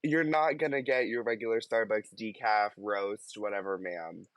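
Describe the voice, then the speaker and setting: A young man co-hosting a podcast, chatting casually in an unhurried, wry way that drifts into tangents. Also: on the low side, fairly even intonation, fairly bright tone, no room sound. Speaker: podcast co-host. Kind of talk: casual chat.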